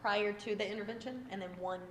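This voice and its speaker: Woman, mid-pitched, casual, self-deprecating, team meeting. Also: steady tone, fast, fairly bright tone, in a large hall. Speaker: agent in a training meeting.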